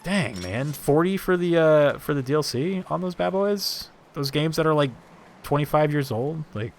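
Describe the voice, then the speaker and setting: A man's voice: fairly high pitch, animated, moderate pace, creaky, slight background noise. A man streaming live gameplay, joking, swearing and rambling in asides.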